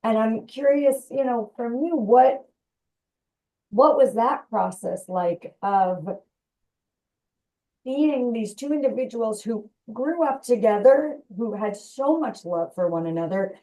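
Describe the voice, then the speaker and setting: A woman host on a video call asks long, searching questions. She restarts often and fills with "you know." Her mellow, dark voice sounds distant and muffled, as if she is sitting far from her laptop mic. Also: a little high, lively intonation, takes it slowly. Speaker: rabbi hosting the event.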